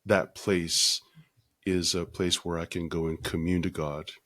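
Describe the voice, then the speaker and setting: A man with a very low voice speaks as a podcast guest, earnest and measured, often pausing to gather his thoughts. The sound is close and dry, with no room echo. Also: level tone, a bit bright. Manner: measured and earnest, with frequent pauses and fillers. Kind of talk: reflective interview conversation.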